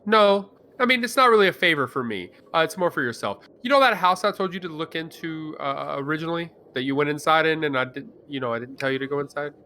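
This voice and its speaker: A man's voice: fairly high pitch, lively intonation, fast talker, few pauses, bright, forceful tone. A man playing his character at a tabletop game, hesitant and wry, with lots of fillers. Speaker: player.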